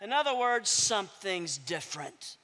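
A woman's voice: mid-range voice, big pitch swings, moderate pace, a bit bright, long reverb tail. A woman preacher telling a story as a sermon, with a dramatic, swooping delivery and wry asides.

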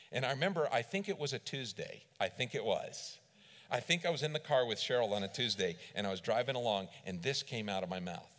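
Middle-aged man preaching in a reverberant hall. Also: fairly low pitch. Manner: storytelling preacher, swinging between loud emphasis and quiet. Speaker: preacher, district superintendent. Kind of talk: sermon. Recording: long reverb of a large hall.

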